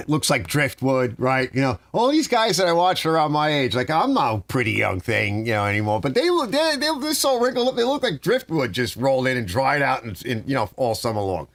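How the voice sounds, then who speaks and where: A middle-aged man chats on his live stream from a home garage, rambling and ranting as he answers viewers. His pitch jumps around a lot, and the sound is close and dry. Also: big pitch swings, a little fast, vocal fry, few pauses, a bit bright, no echo. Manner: rambling, ranting, reading out chat.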